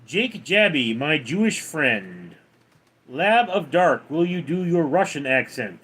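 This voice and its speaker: Guy on a livestream reading chat out loud, slow drawl, voice jumps all over. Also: a little high, big pitch swings, breathy edge. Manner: drawling, answers chat names one by one.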